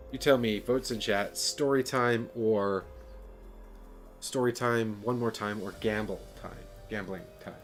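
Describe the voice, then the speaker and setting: A man streaming a board game, chatting casually and self-deprecatingly while reading the game text aloud. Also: fairly low pitch.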